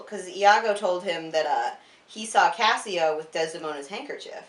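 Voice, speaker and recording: A woman's voice: fairly low pitch, normal speed, fairly bright tone, slight background noise. A tipsy young woman telling a classic story in a rambling, profane way, full of "like" and "uh", and giggly throughout. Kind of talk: tipsy casual retelling of a classic play. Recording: roomy sound from a distant mic.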